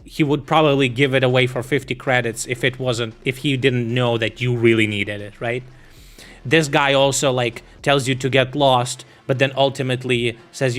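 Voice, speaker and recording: A man's voice: medium pitch, steady tone, moderate pace, a bit bright. A man streaming, talking in a casual, meandering way with lots of swearing, fillers and restarts. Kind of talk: rambling casual stream chat.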